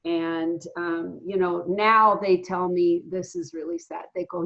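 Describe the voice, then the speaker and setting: A woman in her fifties telling her own recovery story in a casual, earnest way, often pausing with fillers and restarting her sentences. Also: fairly low pitch, steady tone, fairly bright tone. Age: 50s. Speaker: guest sharing a recovery story. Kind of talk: casual spoken testimony. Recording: dull lo-fi sound.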